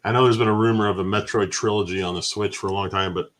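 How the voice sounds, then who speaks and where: Easygoing lower-voiced male co-host. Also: steady tone, fast, a bit bright. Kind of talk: casual stream chat.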